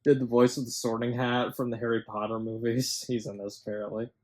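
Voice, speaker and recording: Male podcast co-host, mid pitch, casual film-review chat, incredulous and rambling, salty language. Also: level tone, brisk, darkish tone. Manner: rambling and incredulous, swears and laughs often.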